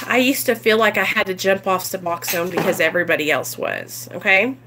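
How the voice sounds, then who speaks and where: A woman's voice: medium pitch, sing-song, normal speed, background noise. A woman talking casually to her viewers on a livestream, earnest and rambling with plenty of ums and you-knows. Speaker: recovery vlogger.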